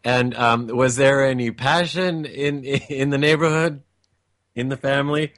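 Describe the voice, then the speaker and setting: A man's voice: mid-range voice, steady tone, fairly bright tone. A male talk show host from the US West Coast, interviewing a guest with many fillers and restarts. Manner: halting, many fillers and restarts, laughs along. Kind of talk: casual interview.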